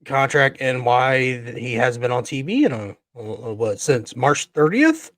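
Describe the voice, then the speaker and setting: Profane, ranting podcast host. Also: male voice, mid-range voice, animated, a little slow, a bit bright, no echo. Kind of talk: casual chat.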